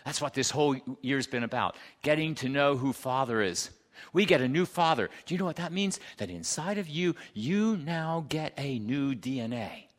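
A man preaching a sermon, emphatic, swinging between loud declarations and hushed asides and asking the congregation questions. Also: mid-range voice, lively intonation, moderate pace. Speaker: pastor.

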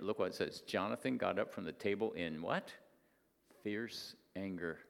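A man preaching a sermon, moving between loud emphatic points and quiet, confiding stretches. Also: lowish voice. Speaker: pastor. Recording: long reverb of a hall.

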